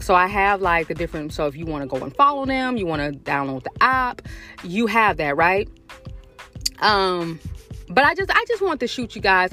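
A woman's voice: mid-range voice, a bit bright. A woman with a Southern US accent hosting a casual faith and wellness podcast check-in from inside her car, talking to listeners in a chatty, repetitive way. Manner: chatty, repeats herself, addresses listeners as y'all. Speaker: podcast host.

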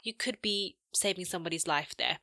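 Bright-voiced blunt woman. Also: on the low side, fairly quick, no room sound, clean studio sound. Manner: blunt and expressive, swears freely. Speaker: podcast co-host. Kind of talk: casual chat.

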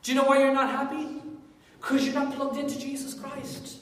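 A man preaching a sermon in a jokey, animated way, swelling loud at times. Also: extremely high pitch, moderate pace. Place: church hall. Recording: echoey hall from far off.

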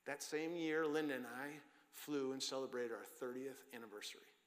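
A middle-aged man preaching a sermon with passion, swinging from loud emphasis down to hushed, whispered lines. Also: medium pitch, normal speed. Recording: long hall reverb with faint music.

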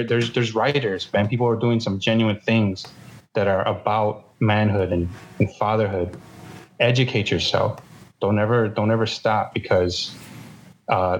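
A man's voice: fairly low pitch, steady tone, moderate pace, a little hiss or hum, poor audio. A man giving earnest advice on fatherhood and faith in casual talk, often repeating words as he searches for them.

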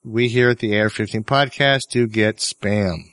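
A man hosting a podcast in casual, relaxed chat, joking easily with his co-hosts. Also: fairly low pitch, moderate pace, no echo. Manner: relaxed, easygoing, joking banter. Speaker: podcast host.

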